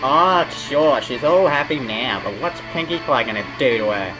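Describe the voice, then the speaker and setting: A man's voice: medium pitch, animated, normal speed, over music, rough recording. An Australian man hosting a reaction video, groaning and exclaiming in outrage at what he watches. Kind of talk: casual reaction commentary.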